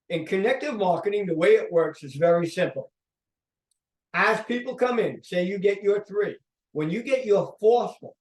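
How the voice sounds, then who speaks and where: A man with a high voice gives an energetic sales pitch to a room. He keeps checking in with his listeners. His voice sounds distant and echoey. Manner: upbeat pitching, checks in with "okay?". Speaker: company founder presenting. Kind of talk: sales presentation.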